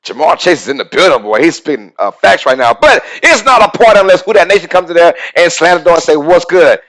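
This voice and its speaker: A man hosting a casual live-stream sports talk show, excitable and reading out chat comments as he goes. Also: fairly high pitch, fast, few pauses, low-quality recording.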